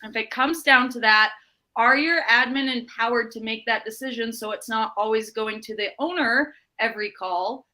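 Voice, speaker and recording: A woman from Utah, giving a business training talk and acting out an animated story with quoted dialogue. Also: on the high side, normal speed, low-quality recording.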